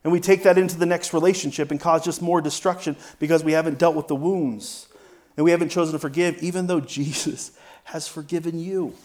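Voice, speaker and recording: A man, a pastor, preaching a conversational sermon, often asking "right?" and shifting his loudness for emphasis. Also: on the high side, fairly even intonation, brisk.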